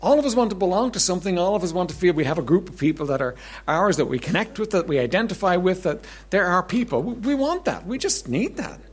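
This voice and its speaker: A man preaching a sermon as pastor, conversational, repeating words and clearing his throat often, swinging between emphatic lines and soft asides. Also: sits high, very animated, quick pace.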